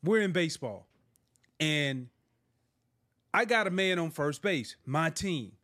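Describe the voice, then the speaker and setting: Middle-aged male co-host, high voice, builds his case and keeps pushing with questions. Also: expressive, slow, a bit bright. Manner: challenging, lays out hypotheticals, presses with questions. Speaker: podcast co-host. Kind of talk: heated sports debate.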